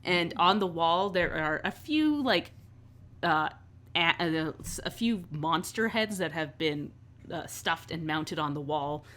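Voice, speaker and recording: Woman game master, lower voice, loose narration with fillers, tabletop game. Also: expressive, takes it slowly, a bit bright.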